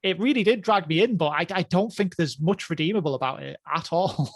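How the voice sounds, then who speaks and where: A man's voice: high voice, fairly quick, no echo, clean studio sound. A man co-hosting a casual podcast chat, rambling and hedging with lots of fillers and chuckles. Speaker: podcast co-host.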